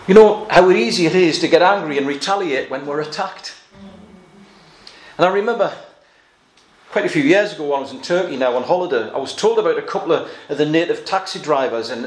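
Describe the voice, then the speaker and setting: A man preaching a sermon, earnest and emphatic, slowing down to stress quoted verses. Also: fairly high pitch, echoey room.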